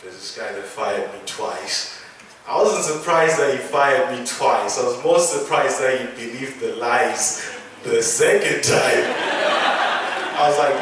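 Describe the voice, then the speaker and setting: A young man from England doing a stand-up comedy routine, animated, with loud punchlines and laughing at his own jokes. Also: medium pitch, slow, pauses often, background noise. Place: small theatre stage. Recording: echoey theatre, mic from a distance.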